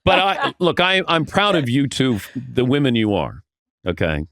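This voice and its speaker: A man's voice: mid-range voice, expressive, moderate pace, gravelly, fairly bright tone, no room sound. Older man telling stories, dry mic. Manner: storytelling, acts out quoted voices, self-deprecating. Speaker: sports broadcaster guest. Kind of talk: casual podcast interview.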